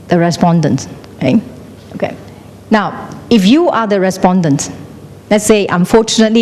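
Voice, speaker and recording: A woman's voice: mid-range voice, darkish tone. A middle-aged woman gives a classroom lecture. She keeps asking the class questions and switches between English and Chinese. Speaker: teacher. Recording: long hall reverb, faint noise.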